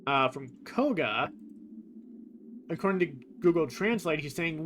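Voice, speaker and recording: A male streamer talking through a game in a loose, rambling way, filling pauses with "uh" and "like." His voice sits a little higher than most men's, with faint noise in the background. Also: expressive, fairly bright tone. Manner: rambling, many fillers like "uh" and "like". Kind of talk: casual game commentary.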